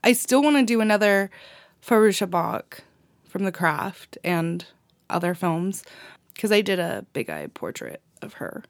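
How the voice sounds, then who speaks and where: A woman's voice: mid-range voice, very animated, a little slow, no room sound. Woman podcast co-host, casual and enthusiastic, dry close-miked sound. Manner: rambling, enthusiastic, laughs often. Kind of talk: casual chat.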